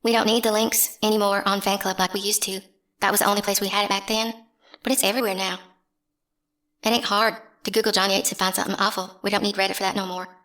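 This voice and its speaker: A woman's voice: mid-range voice, flat delivery, quick pace, fairly bright tone. A young woman, ranting bluntly and scornfully in a casual vlog. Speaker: channel host.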